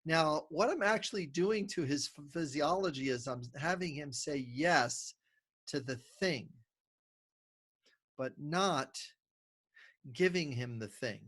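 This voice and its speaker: A middle-aged man speaks slowly in a slightly high voice, leaving long pauses. He's a communication consultant on a podcast, an animated storyteller who explains ideas and acts out short dialogues from his tales.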